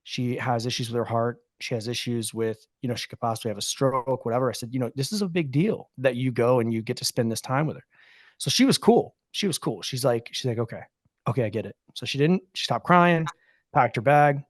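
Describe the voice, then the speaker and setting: A man's voice: medium pitch, brisk, dry recording. Candid man telling a story, dry close mic. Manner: candid, conversational, peppered with "dude". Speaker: podcast co-host. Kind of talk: casual storytelling.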